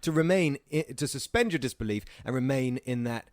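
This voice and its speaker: A man's voice: medium pitch, expressive, brisk, darkish tone, dry recording, studio quality. A young man in his twenties co-hosting a podcast, chatting casually about films and often searching for words. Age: 20s. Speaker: podcast co-host. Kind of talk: casual film review chat.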